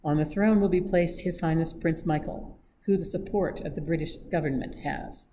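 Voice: medium pitch, moderate pace, background noise, lightly acted. A reader voicing a pompous older foreign baron in an audiobook reading, speaking stiffly and formally with oddly scrambled word order. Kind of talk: read-aloud audiobook acting.

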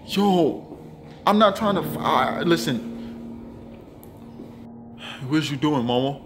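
Loud dramatic young man over music. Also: on the high side, lively intonation, takes it slowly. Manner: loud, dramatic, swings between pleading and yelling. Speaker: comedy vlogger. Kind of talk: comedy skit.

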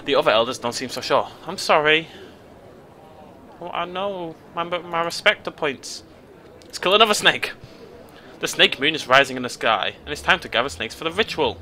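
A young British man hosting a game let's play, reading the game's text aloud in a playful, jokey way with sudden leaps in pitch. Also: normal speed, bright, forceful tone, a little hiss or hum. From Britain.

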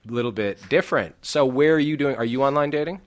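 A man's voice: medium pitch, fast. A man hosting a podcast, chatting casually and asking his guests probing questions. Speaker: podcast host.

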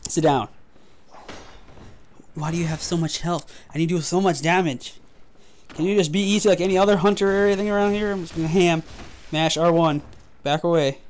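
Male gaming host, high voice, profane running commentary. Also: fairly even intonation, fairly quick, long pauses. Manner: frustrated, profane trash talk. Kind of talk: gameplay commentary.

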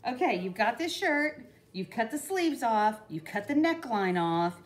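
A woman's voice: a little high, sing-song, a little slow. A middle-aged woman, chatting casually and rambling through a craft tutorial. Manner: chatty, rambling, with frequent "you know" and laughs. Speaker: craft vlogger. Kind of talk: casual DIY tutorial chat.

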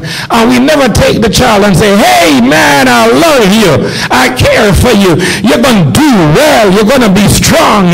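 Jamaican preacher, high gravelly voice. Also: male voice, slight background noise, low-quality recording. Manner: preaching with repetition, rising to shouts. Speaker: pastor. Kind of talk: sermon. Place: church hall with congregation.

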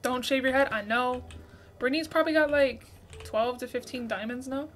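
Her voice sits high and moves at a moderate pace as this twenty-something woman hosts a laid-back gaming livestream. Between chatting, she reads viewer messages and thanks gift senders with excitement.

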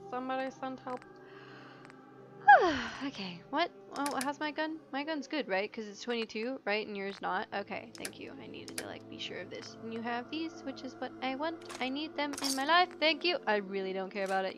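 A woman's voice: a little high, sing-song, moderate pace. A young woman commenting on her own gameplay in a playful, silly and sweary way, into a desk microphone over game music. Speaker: gaming YouTuber. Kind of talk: let's play commentary.

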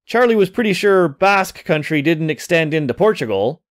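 A man reading his own adventure story aloud, narrating in an expressive storytelling manner. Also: on the high side, normal speed.

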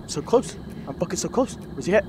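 A young man hosts a gaming video, doing let's play commentary through a horror game while panicking, swearing and repeating himself. His voice sits high and expressive, running a little fast over some background noise.

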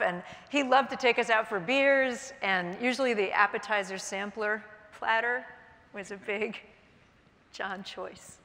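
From a conference stage, a middle-aged woman giving a keynote tells a personal story in vivid present tense. Her medium-pitched voice is bright and forceful, with a long hall reverb.

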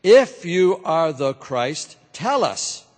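A man's voice: a little high, very animated, slow pace. A man reading the lines of a hostile male council of accusers, demanding and raised, in a church hall with a long echo.

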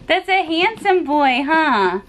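Her high, sing-song voice moves at a slow pace and sounds a bit bright. She's a young woman from the United States, filming her family at home while giggling and cooing at her toddler son.

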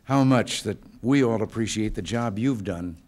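An older man from the United States giving informal remarks to staff in a hotel function room, with relaxed, folksy storytelling and dry humor. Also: lowish voice, normal speed. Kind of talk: informal speech with joke stories.

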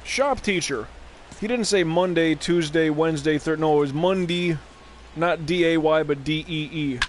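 A man's voice: fairly high pitch, moderate pace, a little hiss or hum. A man streaming a baseball game live, chatting casually and wandering off on tangents with plenty of swearing. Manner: rambling, profane, drifting off on tangents. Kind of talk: casual gameplay commentary.

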